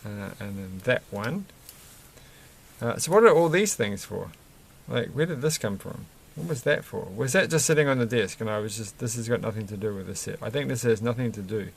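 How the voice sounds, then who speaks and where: A man's voice: fairly low pitch, expressive, moderate pace, creaky, slight background noise. A man chatting casually and rambling while he builds a toy set, chuckling often and breaking off mid-sentence. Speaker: vlogger building Lego sets.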